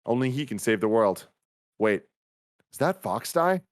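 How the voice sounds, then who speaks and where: A man's voice: mid-range voice, very animated, a little slow, no room sound, studio quality. An enthusiastic man hosting a casual film review podcast, reading listener reviews aloud with his co-hosts. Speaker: podcast host. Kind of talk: casual movie review chat.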